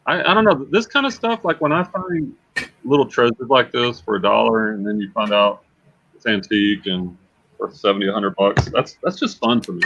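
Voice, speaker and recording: Casual man host, low voice, chatty and self-repeating, slightly dull lo-fi audio. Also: a little fast, fairly bright tone. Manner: chatty, repeats words as he thinks aloud. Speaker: livestream host and reseller. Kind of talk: casual livestream chat.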